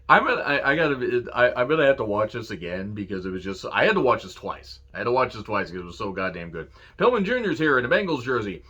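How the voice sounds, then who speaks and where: A man giving a casual solo review of a wrestling show, cursing freely, laughing and quoting promo lines with excitement. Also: mid-range voice, a little fast, highs cut off. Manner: profane, enthusiastic, laughs and quotes lines.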